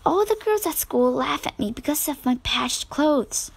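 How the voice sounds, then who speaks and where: A woman's voice: fairly high pitch, very animated, measured pace, vocal fry, a bit bright, breathy edge, no room sound, heavily acted. A woman voicing a sulky, whining youngest sister in a storybook reading. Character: little girl Amy, sulky youngest sister.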